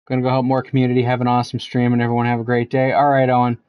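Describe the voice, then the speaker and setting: A man's voice: medium pitch, level tone, fast, hardly any pauses, dull audio. A Canadian man chatting casually while streaming a game, swearing constantly and laughing at his own stories. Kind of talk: casual chat while gaming.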